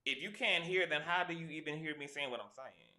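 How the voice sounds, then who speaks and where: A man's voice: on the high side, brisk, pushed and bright. A man hosting a casual livestream, blunt and profane, talking straight to his viewers through a cheap desk microphone. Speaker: livestream host. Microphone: cheap desk mic.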